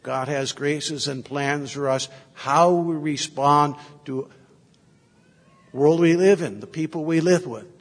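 Taking it slowly in a slightly high voice, a Catholic priest delivers a sermon in a large hall. He tells reflective stories from his ministry, shifting into and out of quoted voices.

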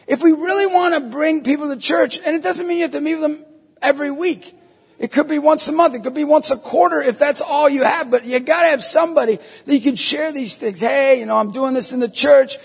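Here the same kind of speaker, a middle-aged New Yorker serving as a lay minister, jokes animatedly before a live crowd while performing different voices. His pitch is extremely high and carries vocal fry, and the sound rings with long hall reverb.

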